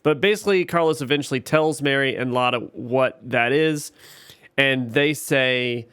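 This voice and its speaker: A man with a smooth, resonant voice walks through a TV episode scene by scene in relaxed podcast chat. He is recorded close up on a dry mic with no room sound. He gets louder and more animated when something frustrates him. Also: medium pitch, normal speed, dry recording. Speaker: podcast co-host. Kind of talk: casual show recap chat.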